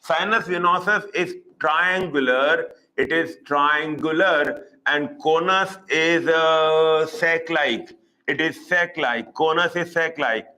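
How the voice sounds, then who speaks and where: Indian guy teaching zoology online, says stuff over and over, kinda higher voice. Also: bright, forceful tone, rough recording. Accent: Indian English. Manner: repetitive, drilling key terms slowly. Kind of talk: live online lecture.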